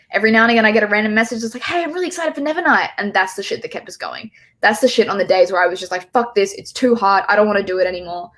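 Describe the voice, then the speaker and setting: A woman's voice: mid-range voice, fairly bright tone. A woman hosting a casual livestream, emotional and choked up, rambling and swearing with bursts of laughter.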